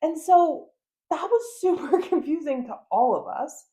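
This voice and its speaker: A woman's voice: sits high, animated, a little slow, warm tone. Chatty, frank woman podcast host. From United States. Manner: chatty, frank, swears, frequent fillers and laughs. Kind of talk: casual chat.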